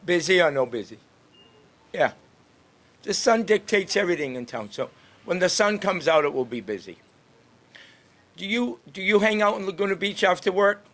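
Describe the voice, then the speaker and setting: Friendly guy chatting up strangers on the street, kinda high voice, laughs a lot. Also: animated, moderate pace, pauses often, fairly bright tone. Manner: upbeat, chatty, laughs often. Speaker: street greeter and podcast host. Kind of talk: casual chat with passersby. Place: outdoors on a town street.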